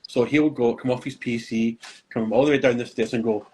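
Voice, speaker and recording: An older man, a grandfather, chatting casually on a podcast he hosts and telling relaxed anecdotes. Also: medium pitch, brisk, slightly rough, rough recording. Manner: easygoing anecdotal storytelling. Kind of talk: casual chat.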